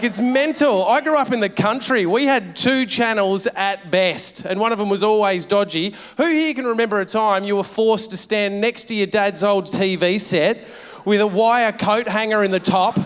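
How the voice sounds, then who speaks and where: A middle-aged man performing a stand-up comedy set, brash and sweary in a conversational way. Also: high voice. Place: large theatre stage. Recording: live venue with long reverb.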